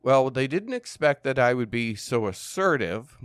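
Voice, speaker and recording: A man in his sixties telling stories as a podcast guest, calm and measured, with dry humor. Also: medium pitch, clear, resonant tone, dry recording. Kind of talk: storytelling interview.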